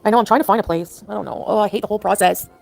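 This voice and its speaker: A woman's voice: medium pitch, racing, vocal fry, darkish tone. A woman talking in a casual live chat, upset and rambling with lots of "like"s. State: distressed. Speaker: livestreamer.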